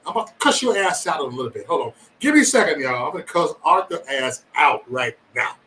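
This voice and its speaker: A man's voice: fairly high pitch, very animated, quick pace, sharp tone, recorded from a distance, a little hiss or hum, low-quality recording. A man hosting a livestream, chatting casually with viewers in profane, rambling banter and joking threats. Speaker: livestream host.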